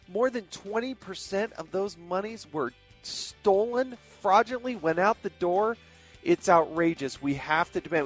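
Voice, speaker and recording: A man hosting a talk radio show, delivering indignant commentary full of rhetorical questions. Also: high voice. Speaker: fill-in radio host.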